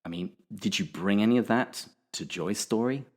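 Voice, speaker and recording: Speaking at a normal speed in a voice on the low side, this man hosts a relaxed podcast interview, putting his questions casually and laughing frequently.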